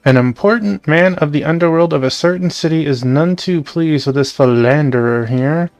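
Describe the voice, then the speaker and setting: A man reading as a calm, menacing assassin. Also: on the high side, no room sound, soft background music, close to an everyday voice. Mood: calm menace. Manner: calm, measured, quietly threatening.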